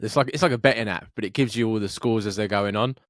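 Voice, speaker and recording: A Scottish man co-hosting a podcast, telling sweary, animated anecdotes in casual chat. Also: fairly low pitch, fast, no room sound, clean studio sound. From Scotland, Fife. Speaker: podcast co-host.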